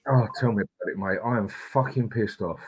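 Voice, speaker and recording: A man hosts a live fan stream in a low, husky voice. He rants with heat and swears freely. In between he greets viewers in the chat one by one. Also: a little fast, soft background music. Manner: angry ranting, swearing, greets chat by name. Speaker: host. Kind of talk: live-stream football rant.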